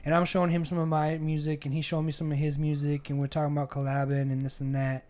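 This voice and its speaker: Animated young man telling a bar story. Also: a little high, fast. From Arizona. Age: 20s. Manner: animated, acts out the argument in quoted voices, gets heated. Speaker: podcast co-host. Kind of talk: casual storytelling over beers.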